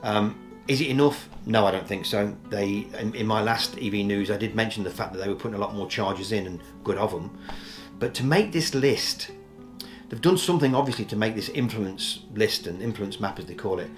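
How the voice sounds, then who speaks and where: A man's voice: lowish voice, brisk, soft background music. A man giving casual, opinionated commentary as a news vlogger, talking in a chatty, rambling way with many ums and restarts.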